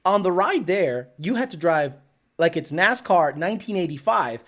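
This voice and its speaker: A woman's voice: fairly low pitch, animated, moderate pace, a bit bright. A woman hosting a live show, telling stories in a casual, profane, laughing way. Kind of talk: casual storytelling.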